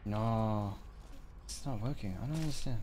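A man hosting a co-op gaming stream, giving gentle, halting instructions full of ums. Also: fairly low pitch, crowd noise. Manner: hesitant, gives gentle instructions with many ums. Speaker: streamer host. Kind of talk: casual gaming chat.

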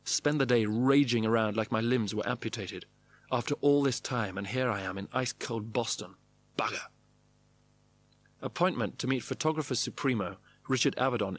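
Brief: man narrating a memoir, clipped, dry diary phrasing, mid-pitched voice. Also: fairly quick. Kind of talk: reading a memoir diary aloud.

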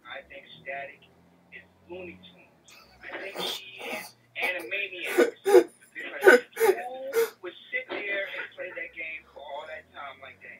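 A young man in a loud, profane comedic rant about a video game, repeating himself and swearing. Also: a little high, distant mic, a little hiss or hum, low-quality recording. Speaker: gamer ranting to camera.

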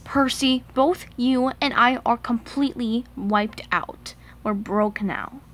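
A woman's voice: high-pitched, steady tone, takes it slowly, a bit bright. A woman voicing a cheerful, eager male engine in a homemade toy play, chatty and bossy with his friend.

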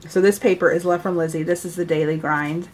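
A woman's voice: on the low side, fairly even intonation, brisk, a little mellow. A middle-aged woman casually chatting as she shows off handmade greeting cards, gushing and laughing often. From United States. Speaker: card-making YouTuber. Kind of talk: casual chat showing mailed cards.

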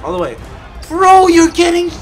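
A young man commentating his own basketball video game play, excitable and yelling at his players, then dropping to a mutter. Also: very high voice, moderate pace, soft background music. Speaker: gaming video creator. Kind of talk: live gameplay commentary.

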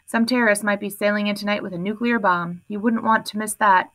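A woman's voice: medium pitch, fairly even intonation, fairly quick, a bit bright, close to an everyday voice. A woman voicing a sarcastic, mocking teenage boy in an audiobook.

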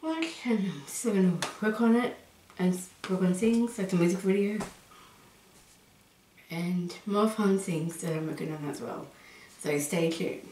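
A woman chatting casually to camera as a vlogger, giggling between phrases and rambling excitedly. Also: fairly low pitch, measured pace, a little hiss or hum. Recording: roomy echo.

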